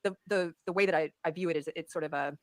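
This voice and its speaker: A woman's voice: deep voice, steady tone, dry recording. A woman speaking earnestly in conversational podcast talk, restarting her phrases often, on a close mic. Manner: fast, earnest, many restarts.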